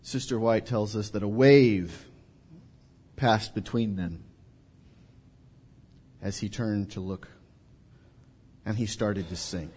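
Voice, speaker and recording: A man preaching a sermon to a congregation in a church hall, telling the story dramatically, acting out voices and dropping to a hush at key moments. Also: fairly low pitch, slow, pauses often, husky. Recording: reverberant hall.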